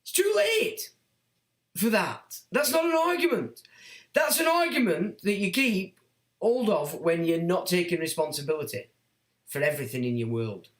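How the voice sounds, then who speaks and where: Middle-aged man hosting a livestream, blunt and mocking, high-pitched, roomy echo. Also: normal speed. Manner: blunt, animated, mocks whiners in put-on voices. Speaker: livestream host reading chat comments. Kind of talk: casual livestream monologue.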